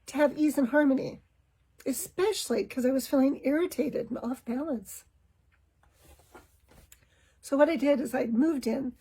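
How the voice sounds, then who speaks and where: A woman telling a personal family story in a candid, reflective, self-examining way, now and then clearing her throat. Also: sits high, mellow, low-quality recording. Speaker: podcast host.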